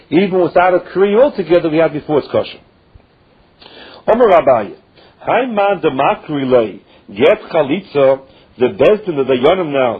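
A Talmud teacher leads a study class in a cadence, working through the text line by line and dropping in Hebrew and Aramaic terms as he goes. His voice is husky, slightly raised and a little high. The sound is dull and muffled, like a lo-fi radio recording.

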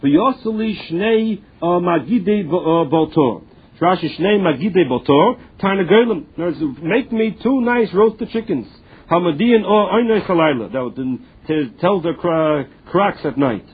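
A man teaching a text aloud, reading phrases and explaining them, often pausing and restarting his words. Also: fairly high pitch, animated, husky. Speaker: Talmud teacher. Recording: lo-fi phone-like recording.

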